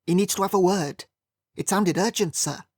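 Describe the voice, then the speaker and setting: A man's voice: sits high, normal speed, darkish tone, breathy edge, no echo, clean studio sound, voice pushed up. A man voicing a polite, subdued young male valet who speaks with a mild Welsh lilt. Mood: deferential. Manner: deferential, apologetic.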